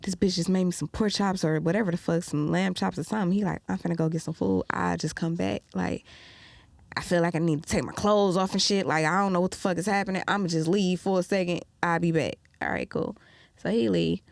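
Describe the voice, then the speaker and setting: Creaky-voiced woman telling a story. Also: fairly low pitch, a little fast, no echo. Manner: animated, profane, acts out quoted lines. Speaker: podcast guest. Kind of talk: casual storytelling.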